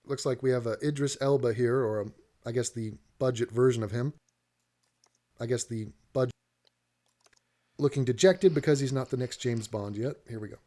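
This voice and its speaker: A man's voice: medium pitch, moderate pace, pauses often, mellow. A man giving a profane, sarcastic comedic rant while reacting to an advert, sounding exasperated and swearing freely.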